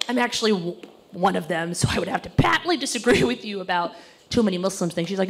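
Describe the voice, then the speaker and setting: A woman in her thirties performing a stand-up comedy set on stage, acting out other people's voices in quick bursts. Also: mid-range voice, very animated, slight background noise. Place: stage before a laughing audience.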